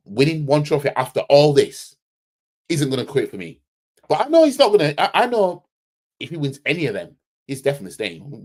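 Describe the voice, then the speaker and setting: A man with a husky, medium-pitched voice runs a football fan channel. He gives a heated, blunt reaction to a match, full of slang, repeating himself for emphasis.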